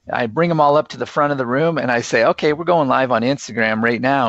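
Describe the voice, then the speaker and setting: A man's voice: mid-range voice, fairly bright tone, no echo. A man being interviewed about live streaming, telling earnest, enthusiastic anecdotes in a conversational way. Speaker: guest, live streaming expert. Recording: dull, dry lo-fi sound.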